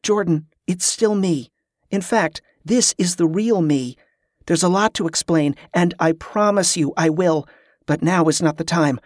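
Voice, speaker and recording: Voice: mid-range voice, measured pace, dry recording, natural voice. An audiobook narrator voicing a tired young elf mage woman who speaks earnestly, read dry and close. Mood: weary.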